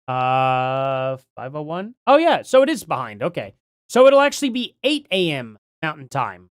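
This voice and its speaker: A middle-aged man chats loosely on a livestream and works things out aloud. His pitch jumps up and down a lot, and he keeps trailing off into ums and false starts. The sound is dry and close, with almost no room echo. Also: big pitch swings, normal speed. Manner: rambling, thinks aloud with many ums and restarts. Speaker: livestream host. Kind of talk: casual livestream chat, reading chat aloud.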